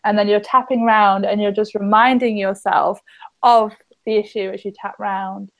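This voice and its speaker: A woman, an EFT practitioner on a podcast, guiding listeners gently and patiently through a tapping exercise. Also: mid-range voice, fairly even intonation, moderate pace, vocal fry. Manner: gentle, instructive, inviting.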